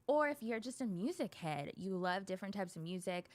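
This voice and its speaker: A woman therapist, a guest on a talk show, explaining coping skills in a lively, chatty way and laughing easily. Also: medium pitch, brisk. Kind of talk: casual talk show conversation.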